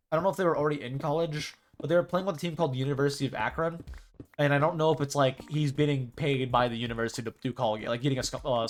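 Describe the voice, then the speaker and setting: A man's voice: fairly high pitch, fairly bright tone. A man chatting casually on a livestream, rambling with lots of "like" and frequent self-corrections. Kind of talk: casual stream chatter about esports.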